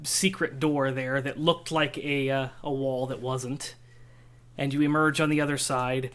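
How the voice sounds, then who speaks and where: Slow, easygoing male game master. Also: medium pitch, steady tone, fairly bright tone. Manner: easygoing narration with frequent "uh" pauses. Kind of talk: narrating a tabletop game stream.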